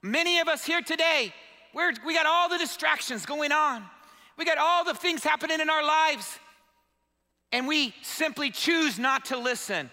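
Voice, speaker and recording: Middle-aged male pastor, very high bright voice, fervent call-and-response preaching, long church-hall reverb. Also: normal speed. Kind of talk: sermon. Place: church sanctuary.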